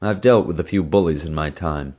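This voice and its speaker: Blunt easygoing father, read by a man, deep steady voice, a bit louder and firm. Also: a little fast. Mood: assured. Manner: blunt, matter-of-fact, assured. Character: confident easygoing father, middle-aged.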